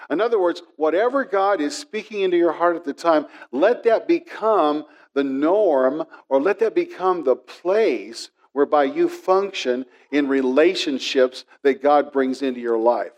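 A man's voice: fairly high pitch, unhurried, dull audio. A middle-aged man preaching a sermon, telling a personal story and acting out the voices in it. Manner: storytelling, animated with quoted voices. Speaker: pastor.

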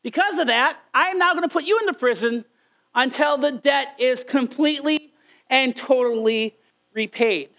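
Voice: high-pitched, moderate pace, fairly bright tone, pitched below the performer's own voice, low-quality recording. A preacher voicing a stern king in a parable, firm and scolding. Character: stern king demanding repayment.

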